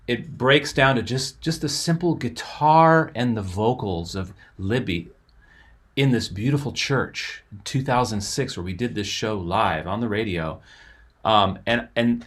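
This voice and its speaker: A man's voice: mid-range voice, a bit bright. A man hosting, casually explaining a music arrangement with enthusiasm as it plays. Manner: explanatory, enthusiastic, talks over playing music. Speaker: host and musician.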